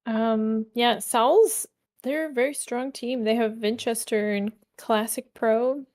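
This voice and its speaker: Female co-caster, slow relaxed delivery, casual chat over the match. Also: fairly high pitch. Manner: relaxed, many "um" fillers, easygoing. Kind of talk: esports commentary chat.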